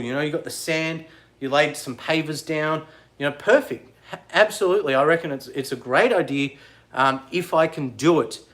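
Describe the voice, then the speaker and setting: Excitable man, higher voice. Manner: excitable, rambling, talks back to commenters. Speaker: vlogger. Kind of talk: casual livestream chat.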